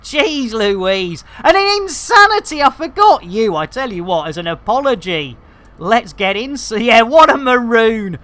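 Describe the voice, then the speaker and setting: A woman live-streaming a space game, chatting to viewers in a jokey, excitable way with plenty of fillers and exclamations. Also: a little high, a little slow, few pauses. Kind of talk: casual live-stream chat while playing.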